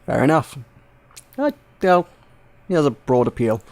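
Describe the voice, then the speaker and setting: A British man hosting a casual gaming podcast, jokey and rambling, quick to laugh. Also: medium pitch, expressive, creaky, a little mellow. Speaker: podcast host.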